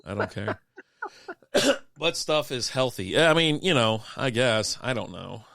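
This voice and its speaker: A man's voice: mid-range voice, expressive, unhurried, gravelly, fairly bright tone, dry recording, studio quality. A man chatting casually as co-host of a beer and sports stream, rambling through profane stories with frequent laughs while sick with a cough. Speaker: podcast co-host.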